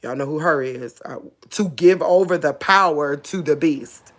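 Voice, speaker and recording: Woman, online preacher, informal sermon, emphatic then hushed, "real talk" asides. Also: measured pace. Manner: repeats "real talk" and "you get what I'm saying"; rises high and emphatic, then drops soft and emotional. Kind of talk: informal spoken sermon to camera.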